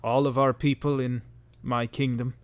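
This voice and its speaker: A man's voice: mid-range voice, little pitch movement, moderate pace, no echo, lightly acted. A man voicing a male drow warrior in his own plain voice, speaking in a solemn, formal and courteous way. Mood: earnest.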